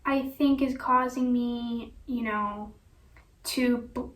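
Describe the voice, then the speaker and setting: High-voiced woman rambling slowly. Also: steady tone. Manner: rambling, full of "you know" and "like" fillers. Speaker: vlogger. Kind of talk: personal storytelling vlog. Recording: echoey room, voice from a distance.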